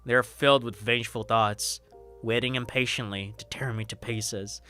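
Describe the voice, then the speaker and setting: Low and hushed, this is a guilt-ridden young student from a game, voiced by a man reading the lines. The delivery stays quiet and subdued, bright in tone and smooth. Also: steady tone, moderate pace, faint music behind, lightly acted. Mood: tense.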